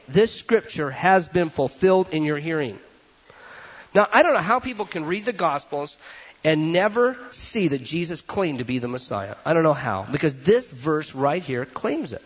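A male pastor preaching with a high, husky voice that swings up and down with energy. He acts out quick comic voices to make his point. The recording is dull and lo-fi. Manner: animated preaching that acts out little voices for laughs. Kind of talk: sermon.

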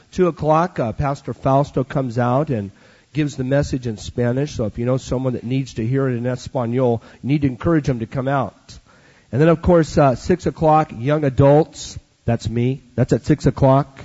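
A man preaching a sermon as pastor in a church, emphatic and slowing down for key phrases. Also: on the high side, a little mellow, long reverb tail. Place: church sanctuary. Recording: dull lo-fi church recording.

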